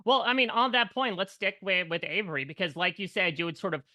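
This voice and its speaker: A man interviewing a reality show contestant, setting up his questions in a measured way before asking them. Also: high-pitched, animated, pushed and bright, no room sound, studio quality. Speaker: entertainment journalist interviewer.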